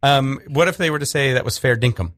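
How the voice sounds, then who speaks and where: A man's voice: medium pitch, fast talker, a bit bright, dry recording, clean studio sound. A man hosting a casual interview, asking teasing questions in a playful way. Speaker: interviewer, host.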